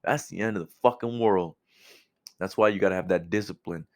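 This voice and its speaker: Young dude ranting casual and profane, kinda low voice, animated. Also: male voice, brisk. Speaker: vlogger. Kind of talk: casual motivational monologue.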